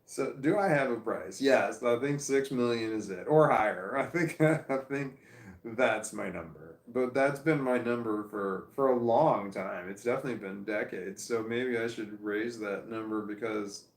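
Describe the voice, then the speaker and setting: A man's voice: on the low side, moderate pace, few pauses, reverberant. A middle-aged man in casual livestream chat, reading out viewer comments, rambling and self-mocking with frequent laughter. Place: room at home, seated in armchair. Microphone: phone.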